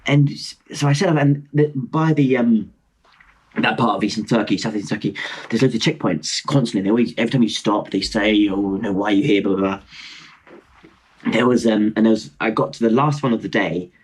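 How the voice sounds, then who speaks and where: A young man in his twenties, telling a travel story on a video call as a podcast guest, animated and rambling, mocking himself and restarting his sentences. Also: lowish voice, a little fast, breathy edge. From Britain. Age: 20s. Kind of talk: casual storytelling chat.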